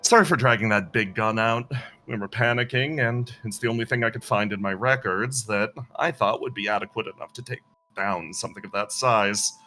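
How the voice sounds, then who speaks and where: A man's voice: lowish voice, brisk, pushed and bright, slight background noise. A man voicing a fussy, proud female AI partner spirit who rambles and apologizes in flustered asides.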